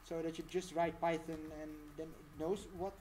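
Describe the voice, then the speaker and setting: A woman's voice: low-pitched, fairly even intonation, normal speed, mellow, slight background noise. A woman talking through a casual live-stream tutorial, chatty and rambling, laughing often.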